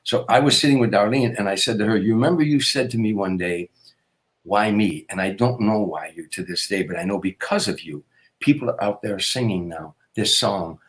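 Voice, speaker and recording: A man's voice: lowish voice, normal speed. A man in his sixties, a comedian guest, telling a long personal story in an earnest, rambling way. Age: 60s. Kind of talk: storytelling interview.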